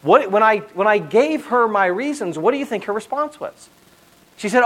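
A middle-aged man preaching a sermon, telling a family story in an animated way with frequent asides to the audience. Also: high voice, normal speed, poor audio. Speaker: pastor.

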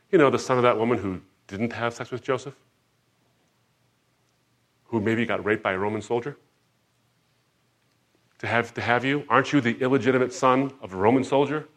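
A man preaching a sermon, moving from quiet reflection to loud, emphatic outbursts and acting out quoted voices. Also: fairly low pitch. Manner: dramatic, swings between soft reflection and loud emphatic outbursts.

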